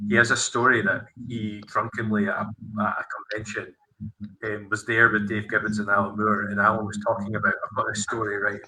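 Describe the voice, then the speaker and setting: A podcast host chats in a loose, rambling way, circling back with fillers and restarts. His voice is strikingly bright and edged, sitting low in pitch. Faint noise hums under him. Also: low-quality recording. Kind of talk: casual chat.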